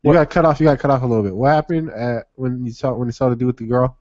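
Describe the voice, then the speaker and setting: A man co-hosting a podcast, cutting in with loud, incredulous reactions and questions. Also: medium pitch, fairly even intonation, rapid-fire, no echo. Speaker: podcast co-host. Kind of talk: casual chat. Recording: dull, dry lo-fi sound.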